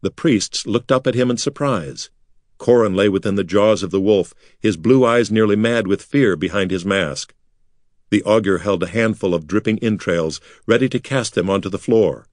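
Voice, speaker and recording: A man reading a children's adventure book aloud in steady scripted narration. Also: lowish voice, moderate pace, no echo, studio quality. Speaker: audiobook narrator.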